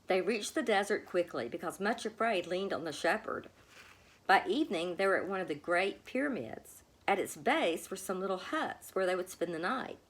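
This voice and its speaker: Lively woman reading a storybook aloud. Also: lowish voice, moderate pace. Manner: expressive, gentle reading of a children's story. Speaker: storybook reader. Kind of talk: storybook read-aloud narration.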